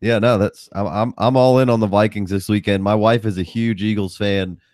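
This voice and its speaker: Low-voiced man in casual sports chat. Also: fairly even intonation, fairly quick, a little mellow, dry recording, clean studio sound. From outside Philadelphia, US. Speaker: podcast co-host.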